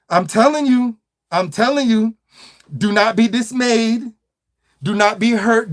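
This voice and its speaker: A high-pitched man rants with mocking, animated energy. He stumbles into repeated words and laughs at his own jabs. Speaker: online commentator. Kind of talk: mocking commentary rant.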